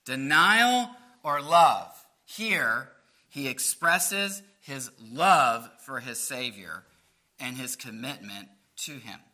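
A man's voice: mid-range voice, lively intonation, slow, bright, forceful tone. A man preaching a sermon, asking rhetorical questions in an earnest, explaining way. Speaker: pastor.

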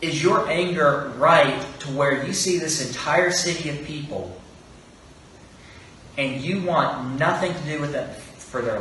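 Heard from a distance amid heavy echo and faint background noise, this preacher speaks in a slightly high, fairly bright voice. His earnest expository sermon features rhetorical questions and quoted speech he acts out.

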